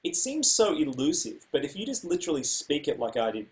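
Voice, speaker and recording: A man teaching music in a casual way, stepping through rhythms by voicing them on repeated syllables with loud and soft accents. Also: fairly high pitch, very animated, brisk. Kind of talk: casual instructional talk.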